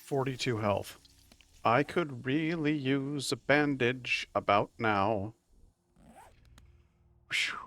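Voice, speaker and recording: A man's voice: mid-range voice, slow pace, long pauses, fairly bright tone. A man casually commentating his own survival game stream, wry and chatty, talking to himself as he plays.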